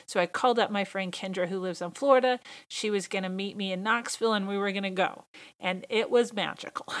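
A woman hosting her own podcast in a casual solo monologue, talking with gushing enthusiasm. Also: mid-range voice. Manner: enthusiastic, gushing fan talk. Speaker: podcast host.

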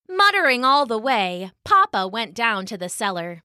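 A woman narrating a children's story in an expressive, animated way. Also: on the high side, moderate pace, few pauses, dry recording, studio quality.

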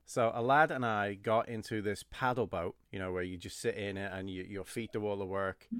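A man hosting a podcast, telling animated stories from his camp counselor days in casual chat. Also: lowish voice, no room sound, studio quality. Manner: animated storyteller, laughs often.

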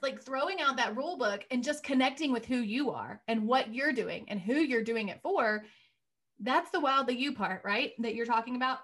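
Podcast host: woman, high voice, emphatic and deliberate in conversation.

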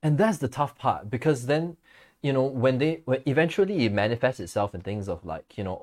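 Fairly quick and medium-pitched, a man co-hosts a podcast in a casual chat. He tells stories at ease, laughing often and acting out the quotes.

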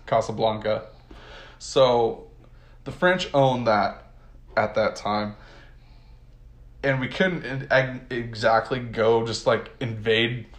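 A man from the United States casually retelling history in a rambling, slangy way, with many fillers and laughs. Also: mid-range voice. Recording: roomy echo.

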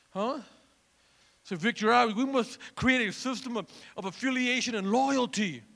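A man's voice: sits high, gravelly, fairly bright tone, big-room sound. A male pastor preaching a fervent sermon, calling out to his congregation for responses. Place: church.

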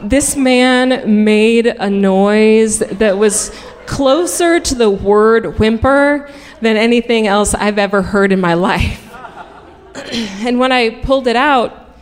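A woman's voice: on the high side, slow. A woman telling a frank, comic personal story live on stage, swearing freely and narrating with dry humor. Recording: reverberant hall.

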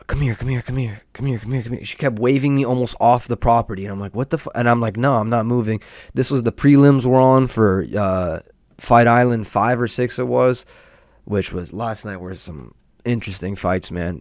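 A man's voice: lowish voice, a little mellow, no echo, studio quality. A young man hosting a podcast, telling a rambling, profane story about his neighbor in a casual, exasperated rant. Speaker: podcast host.

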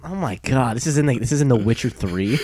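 A man's voice: medium pitch, expressive, quick pace, warm tone, husky, dry recording. A man in casual gaming chat, tossing in short, crude, joking reactions.

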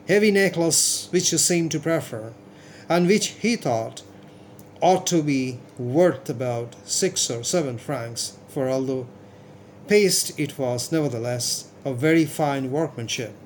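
Measured male storybook narrator. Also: a little high, a little mellow, a little hiss or hum. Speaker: audiobook narrator.

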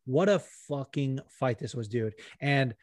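This is a man co-hosting a sports chat show, talking fast and loose with plenty of swearing and filler words. His voice sits at an ordinary pitch. The sound is close and dry, with no room around it. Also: no room sound. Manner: animated, swears freely, many fillers. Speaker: podcast co-host.

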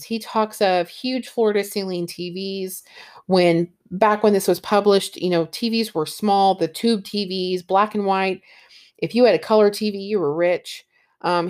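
A woman's voice: mid-range voice, a little mellow. Enthusiastic woman book reviewer, casual, reads passages aloud. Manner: enthusiastic, with fillers like um and you know.

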